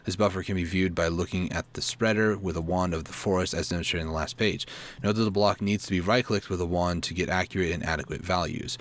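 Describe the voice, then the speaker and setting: A man with a deep, low voice reads an in-game guide aloud for his let's play. He trips over words and restarts them, and breaks off to muse and ask himself questions. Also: steady tone. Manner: reads aloud haltingly, stumbling and self-correcting; asides and questions to himself between reading. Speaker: gaming channel host.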